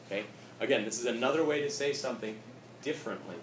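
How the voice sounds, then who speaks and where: A man's voice: medium pitch, fast. Male teacher, casual classroom talk, keeps checking "okay?", far off in a roomy, noisy space. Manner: casual, repeats "okay?" often, switches between English and Spanish. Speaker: Spanish teacher. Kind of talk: classroom grammar lesson. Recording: echoey room recorded from afar, with noise.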